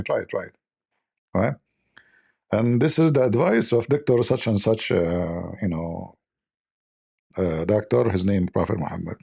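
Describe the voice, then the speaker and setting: Man, Arabic accent, gravelly, mellow tone, rambling jokey host. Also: medium pitch. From Middle East. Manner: joking, rambling storyteller with frequent "you know". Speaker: livestream host. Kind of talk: casual chat.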